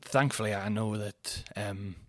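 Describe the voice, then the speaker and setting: A man's voice: lowish voice, fairly even intonation, measured pace, a bit bright, dry recording, studio quality. A man, telling rambling comic stories as a podcast host and often laughing at himself. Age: 30s. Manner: chatty, rambling, laughs at his own stories. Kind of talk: casual storytelling monologue.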